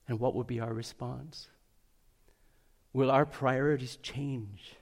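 A man preaching a sermon, earnest, slowing down and speeding up for emphasis. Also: medium pitch, expressive. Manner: earnest, varies pace and loudness for emphasis. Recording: long hall reverb.

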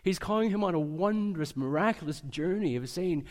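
A man preaching a sermon, earnest, slowing down and speeding up for emphasis. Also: high voice, lively intonation. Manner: earnest, varies pace and loudness for emphasis. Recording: long hall reverb.

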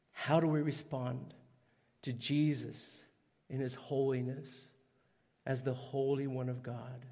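A man preaching a sermon, telling a story and swinging from fervent emphasis on quotations to hushed, earnest appeals. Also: fairly high pitch, long reverb tail. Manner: storytelling, rising to fervent emphasis on quoted lines, dropping to hushed pleas. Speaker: pastor.

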